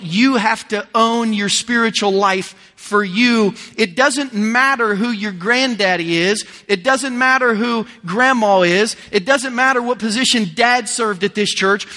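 Bright-voiced pastor preaching in a hall. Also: male voice, high-pitched. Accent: Midwestern American. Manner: earnest, emphatic preaching with repeated phrases. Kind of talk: sermon. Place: church auditorium.

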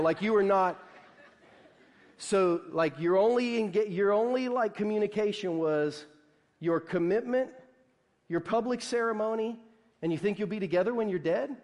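A man's voice: high-pitched, animated, normal speed, a little mellow. A preaching man in a reverberant hall. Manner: conversational preaching with frequent "like", acted-out quotes. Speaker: pastor. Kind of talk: sermon.

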